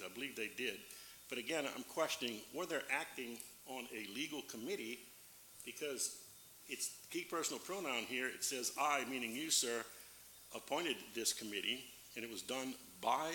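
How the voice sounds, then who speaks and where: A man serving as a parish councilman gives a formal floor speech, pausing often and reading legal text aloud slowly. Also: medium pitch, sharp tone. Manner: halting, reads legal text aloud slowly with many fillers. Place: council chamber. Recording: echoey meeting room with faint background hum.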